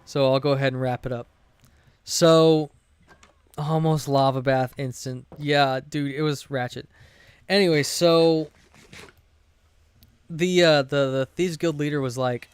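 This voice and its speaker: A man streaming a game while retelling a tabletop session he ran, rambling, swearing freely and breaking off mid-sentence. His voice sits a little high and comes through smooth and clear. The sound is close and dry. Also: fairly even intonation, measured pace, long pauses, dry recording. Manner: rambling, profane, self-interrupting. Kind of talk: casual storytelling while gaming.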